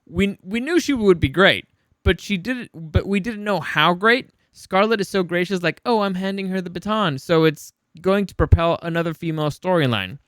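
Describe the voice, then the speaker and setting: Man, somewhat high voice, smooth and clear, dry close sound, blunt casual commentary. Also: lively intonation, normal speed, a bit bright, no room sound. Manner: blunt and opinionated, swears, frequent restarts. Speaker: news commentary host. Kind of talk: casual pop-culture commentary.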